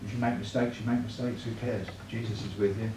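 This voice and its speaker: A man with a fairly low, steady voice talks fast while giving an evangelism talk at church. He's chatty and keeps tossing tag questions to the room. The mic sits far away in an echoey space, and there's clear noise.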